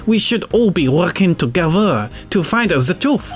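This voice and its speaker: A man voicing an eager young male assistant in a game with a put-on French accent, talking in an earnest, excitable way. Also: high-pitched, moderate pace, soft background music, voice pushed up. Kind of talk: reading game dialogue aloud.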